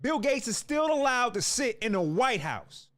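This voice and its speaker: Heated male commentator, lively high delivery, fiery rant. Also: moderate pace. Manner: fiery, restarts and repeats words. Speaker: political commentator. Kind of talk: heated ranting monologue.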